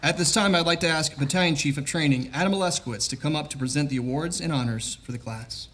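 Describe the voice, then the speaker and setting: A man making formal, brisk announcements at a graduation ceremony. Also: fairly high pitch, fairly bright tone, a little hiss or hum. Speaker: master of ceremonies.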